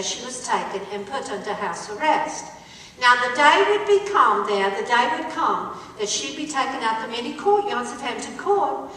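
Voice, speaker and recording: A bright-voiced woman storyteller with a high, lively voice, performing for a live crowd. She drags out her phrases and pauses to quiz her listeners. She is picked up from far off in a large, echoing hall. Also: a little hiss or hum. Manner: dramatic, drawn-out, quizzing listeners. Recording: echoey hall recorded from far off.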